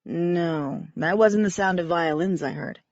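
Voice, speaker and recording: A woman voicing a friendly, easygoing young man in a relaxed manner. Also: fairly low pitch, a little slow, no echo, dull audio, pitched below the performer's own voice, natural voice.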